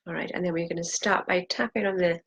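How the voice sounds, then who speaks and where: A woman's voice: fairly low pitch, steady tone, quick pace, background noise. A woman leading a guided tapping session, saying phrases for the viewer to repeat and pressing harder on the angry lines. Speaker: EFT tapping practitioner.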